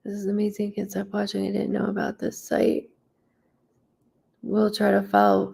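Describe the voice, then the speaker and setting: A gravelly-voiced woman talks to her livestream viewers as a psychic medium. She rambles chattily, greets people by name and swears lightly, recorded at home through a laptop mic. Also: medium pitch, completely flat delivery, normal speed, pauses often, warm tone. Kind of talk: casual livestream chat with viewers.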